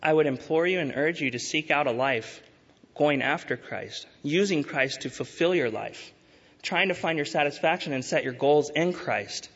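A man preaching a sermon as pastor, earnest and urging, slowing to stress key words. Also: a little high, a bit bright, breathy edge. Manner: earnest, urging, with emphatic rises and slow stresses. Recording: dull sound with long hall reverb.

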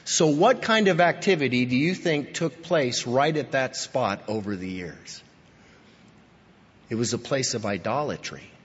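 A man preaching a sermon in a church, his husky voice carrying a long hall reverb. He is emphatic, pushing up to stress points and sinking low after them. The recording sounds dull and lo-fi. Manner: emphatic, rising to stress key points then dropping low. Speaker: pastor.

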